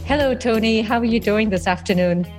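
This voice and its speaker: A woman's voice: fairly high pitch, brisk, over music. A woman hosting a podcast interview, reflective and enthusiastic, with frequent casual fillers. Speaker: podcast host.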